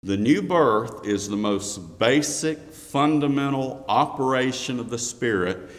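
A man preaching a sermon. He reads scripture aloud in a raised voice, then explains it slowly. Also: mid-range voice, animated, big-room sound.

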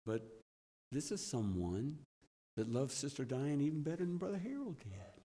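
A middle-aged man preaching a sermon, telling personal stories earnestly and building with excitement. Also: medium pitch, moderate pace. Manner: earnest storytelling, swelling with excitement. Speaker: church elder preaching. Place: church sanctuary. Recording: long church hall reverb.

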